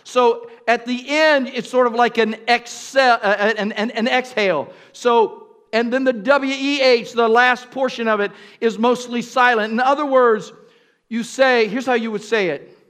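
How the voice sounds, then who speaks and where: High, bright-voiced older preacher. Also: male voice, steady tone, a little slow, clear, resonant tone. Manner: call-and-response preaching, swings between shouts and hushed tones. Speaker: pastor. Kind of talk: sermon.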